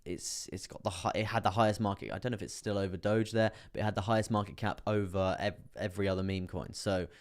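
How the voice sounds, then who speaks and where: A young man with an English accent, casually talking through crypto charts on a live stream in a monotone, chatty way. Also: on the low side, fast, hardly any pauses. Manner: chatty, laughs often, reads chat aloud.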